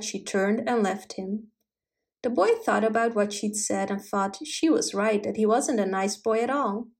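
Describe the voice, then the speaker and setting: A woman reading a fairy tale aloud with clear, steady storybook narration. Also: mid-range voice.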